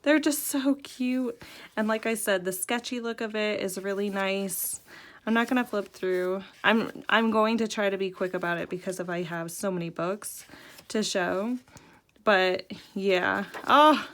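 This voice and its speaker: A young adult woman hosting a casual show-and-tell video, excitable and giggly, her voice jumping up high when she's thrilled. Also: measured pace. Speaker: host.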